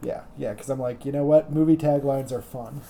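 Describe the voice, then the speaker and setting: A man guesting on a podcast, talking in a thoughtful, hesitant casual chat with frequent pauses. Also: medium pitch, fairly even intonation, dark tone, a little hiss or hum. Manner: thoughtful, hesitant, many uh fillers.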